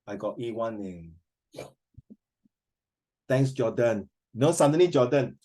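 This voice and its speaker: A middle-aged man with a Singaporean English accent teaching a class, animated and emotional as he tells stories. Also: medium pitch, slow. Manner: animated, emotional, switches into Mandarin. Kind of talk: classroom lesson, emotional storytelling.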